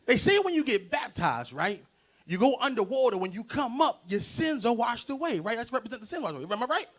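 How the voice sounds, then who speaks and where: High-voiced comedian guy, bright tone, loud crowd work, lots of laughing through lines. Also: very animated, brisk. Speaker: stand-up comedian. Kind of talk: stand-up comedy set. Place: stage before a live audience.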